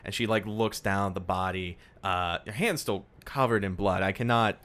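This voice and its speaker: A man narrating as game master of a tabletop game, with many pauses and fillers. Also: sits low, fairly bright tone. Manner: hesitant, filler-heavy narration.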